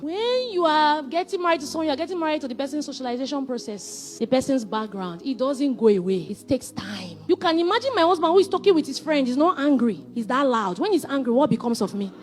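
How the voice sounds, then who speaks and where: A woman, giving marriage advice as a counselor. She speaks in an animated, emphatic way and acts out conversations as she tells stories. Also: sits high, fast, hardly any pauses, soft background music. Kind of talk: motivational relationship talk.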